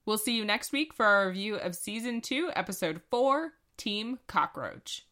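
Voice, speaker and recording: A woman's voice: medium pitch, lively intonation, moderate pace, bright, forceful tone. A woman co-hosting a casual podcast, reading pun lists and often dissolving into giggles. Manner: giggly, breaks into laughter while reading. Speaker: podcast co-host.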